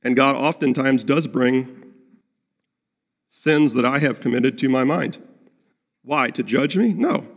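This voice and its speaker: Male pastor, mid-pitched and gravelly, earnest sermon delivery, long church-hall reverb. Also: takes it slowly, pauses often. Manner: earnest, acts out prayers and quotes in his own voice.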